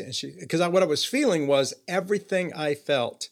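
Older man telling an earnest personal story. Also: a little high. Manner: earnest, halting, often trailing off with fillers. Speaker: guest.

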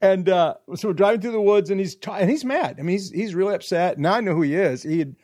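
A man's voice: sits high, fast, a little mellow. A middle-aged man casually telling a long personal story, acting out quotes and often laughing.

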